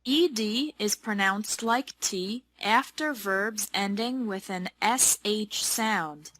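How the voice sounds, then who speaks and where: A woman leads a pronunciation lesson at a slow, careful pace. She says each model word clearly and deliberately. Her voice sits at a middle pitch. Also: a bit bright, no room sound. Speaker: English pronunciation teacher.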